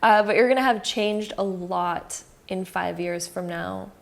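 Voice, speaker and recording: A woman's voice: on the low side, a little slow. A woman giving a casual, reassuring tarot card reading, speaking straight to the viewer with frequent fillers.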